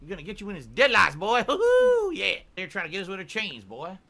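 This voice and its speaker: A man playing a loud chicken colonel on a livestream, drawling and calling everyone boy. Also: high voice, wildly swooping pitch, fairly quick, creaky, crowd noise, exaggerated voice. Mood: mocking. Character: loud southern fried-chicken colonel, bossy old man. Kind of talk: livestream clip in costume character.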